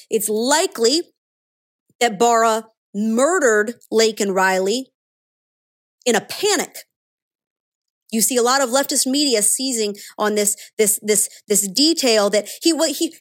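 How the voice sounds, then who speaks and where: A woman delivering a sarcastic, indignant political opinion monologue as a commentator. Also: on the high side.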